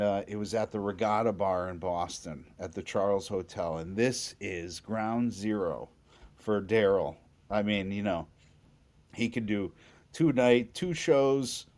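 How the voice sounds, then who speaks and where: Excitable, story-telling bass musician, a man. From New England. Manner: animated, excitable, frequent restarts. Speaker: bassist guest. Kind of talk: storytelling in a podcast interview.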